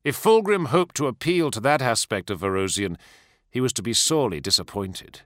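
A man reading a dark fantasy novel aloud with measured, expressive narration. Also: medium pitch, no echo, studio quality. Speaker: audiobook narrator. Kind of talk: scripted narration.

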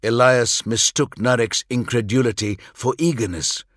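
A man narrating fiction in a measured, dramatic way, close to the mic. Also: medium pitch, fairly bright tone, no echo. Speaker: audiobook narrator.

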